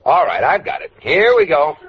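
A stubborn radio-comedy husband. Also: male voice, a little high, wildly swooping pitch, moderate pace. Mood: insistent. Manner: insistent, defensive. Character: stubborn, eager husband with home movies. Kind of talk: 1940s radio comedy acting. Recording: dull, noisy old radio broadcast.

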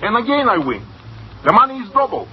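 Nervous, pleading cashier, fussy and excitable; dull vintage radio sound. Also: male voice, very high voice, brisk, a little hiss or hum. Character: nervous, whiny male cashier and embezzler. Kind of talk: 1940s radio acting. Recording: muffled old radio recording.

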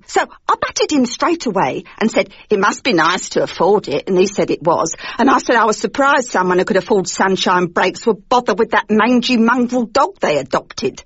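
A woman's voice: mid-range voice, slightly rough, dry recording, highs cut off. A woman playing a snobbish, pompous English gossip with an English accent, in a comic radio monologue. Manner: prattling, pompous, catty.

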